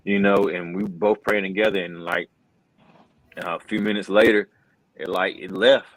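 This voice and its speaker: A man's voice: fairly low pitch, fairly even intonation, moderate pace, a bit bright, no room sound, low-quality recording. A middle-aged wrestling commentator, telling an earnest personal story in a casual interview, full of fillers like "bro" and "man.".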